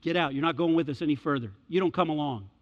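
A stern male teacher gives orders in a low, hushed voice that sits well below the speaker's own, as a preacher acts him out. The sermon sounds dull and lo-fi, with a long reverb hanging behind it. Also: fast talker, lightly acted. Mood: commanding.

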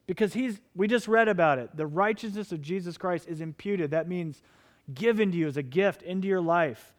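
A man's voice: high voice, normal speed. A middle-aged man preaching a sermon as pastor, impassioned and pleading with his listeners.

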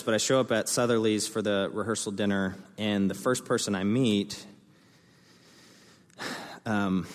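A young man preaching a sermon as a pastor, telling a story with lively energy and acting out the voices of the people in it. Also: lowish voice. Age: young adult. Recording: long hall reverb.

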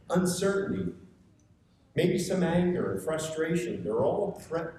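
Mellow-voiced man preaching in an echoey room. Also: mid-range voice, slight background noise. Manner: earnest, rising to emphatic urging. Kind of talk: conversational sermon. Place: meeting room with a seated group. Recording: echoey room, picked up from far off.

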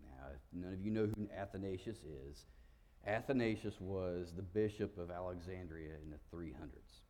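A man's voice: low voice, normal speed. Male preacher in a reverberant hall. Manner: animated teaching with emphatic stresses and asides. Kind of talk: sermon.

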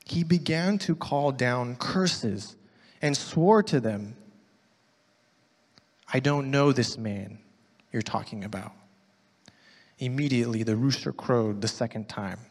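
A man preaching a sermon and reading scripture aloud, moving between loud, emphatic lines and hushed, near-whispered ones. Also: mid-range voice, big-room sound. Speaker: pastor.

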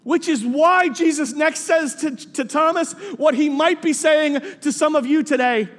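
A male pastor preaches in a loose, animated, conversational way and slows down for reflective scripture reading. His voice sits very high for a man. A long hall reverb trails every phrase. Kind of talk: sermon.

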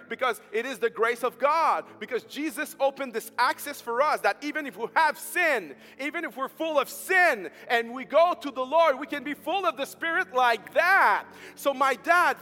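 A man preaching a storytelling sermon, emphatic, swinging between loud and soft. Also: very high-pitched. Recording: hall reverb with faint music behind.

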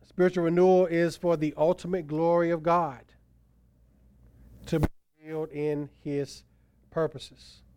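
A man's voice: a little high, level tone, a little slow, long pauses, a little mellow, clean tone. A man preaching a sermon as pastor, quoting scripture with emphatic rises and drops. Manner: emphatic preaching, voice rising and falling for stress.

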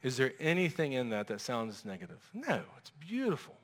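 Animated male pastor in a reverberant hall. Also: medium pitch, normal speed. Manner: animated, acting out quoted voices. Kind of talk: sermon. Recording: long reverb of a large hall.

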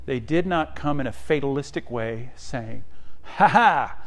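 A man's voice: mid-range voice, moderate pace, a little hiss or hum. A middle-aged male pastor giving a sermon in a conversational, storytelling way, tossing in asides to the congregation.

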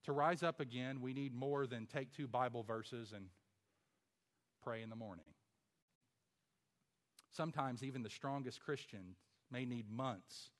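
A pastor delivers an emphatic sermon in a medium-pitched voice, posing rhetorical questions and swinging between loud passages and hushed ones.

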